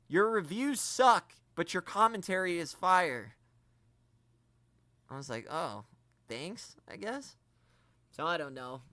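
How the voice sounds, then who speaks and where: Animated man ranting on a livestream. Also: fairly high pitch, clear, resonant tone, no echo. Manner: animated, joking rants, quotes others in mock voices. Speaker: toy collecting channel host. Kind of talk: casual livestream chat.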